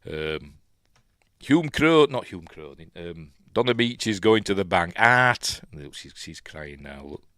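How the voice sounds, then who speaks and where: Yorkshire man, deep voice, rambling casual podcast host, dry close sound. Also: big pitch swings, measured pace, no room sound. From Yorkshire, England. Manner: rambling and chatty, with many ums and self-corrections; wry asides and soft chuckles. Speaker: podcast host reviewing a film. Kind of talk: casual film recap commentary.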